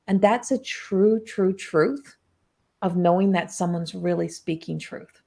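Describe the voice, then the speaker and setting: A woman hosting a spiritual coaching podcast, telling stories in an animated, chatty way with lots of filler words. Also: fairly low pitch, a little slow, creaky. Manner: animated storytelling, heavy use of "like". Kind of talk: casual podcast conversation.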